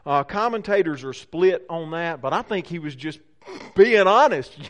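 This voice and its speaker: A man's voice: on the high side, expressive, a little slow, fairly bright tone. A man preaching a conversational sermon, often checking in with his listeners. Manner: conversational, asks the congregation questions. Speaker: pastor.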